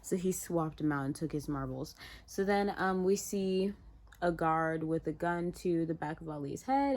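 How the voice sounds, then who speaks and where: Woman, lower-pitched voice, chatty show recap vlog, loose and animated, lots of "like". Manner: chatty, heavy use of "like", animated retelling. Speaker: TV show reviewer. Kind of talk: casual recap and reaction.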